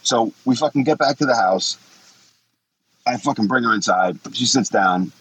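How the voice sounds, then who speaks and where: A man's voice: mid-range voice, normal speed, a bit bright, breathy edge, rough recording. A man in his forties telling stories bluntly, swearing a lot and acting out what people said. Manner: blunt, swears often, acts out quotes. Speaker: guest. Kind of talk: casual profane storytelling.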